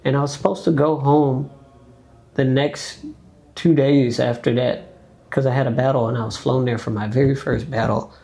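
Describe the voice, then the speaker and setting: A young American man speaks as a dancer guest in a podcast conversation, his voice gravelly with a mid-range pitch. He tells his story in a loose, animated way and acts out other people's lines. He leans on frequent fillers. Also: moderate pace. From United States.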